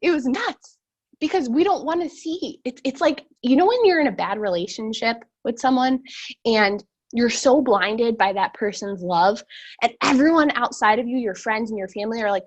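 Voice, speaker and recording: A woman's voice: fairly high pitch, normal speed, highs cut off. Blunt, rambling young woman on a video call. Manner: blunt, animated, rambling with many fillers. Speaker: sales team leader. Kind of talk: motivational talk on a video call.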